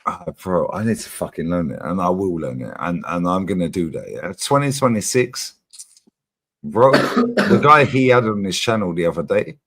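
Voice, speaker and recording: A husky-voiced man whose pitch swings all over as he talks. He is animated and loud in spirit, laughing often and swearing freely in casual chat among friends. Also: normal speed. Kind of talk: casual chat on a live stream.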